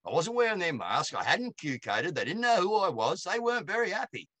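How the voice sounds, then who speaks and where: A man's voice: high-pitched, fairly quick, dry recording. Blunt Australian man telling a yarn. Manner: blunt, colloquial, animated anecdotes. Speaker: guest. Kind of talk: casual storytelling.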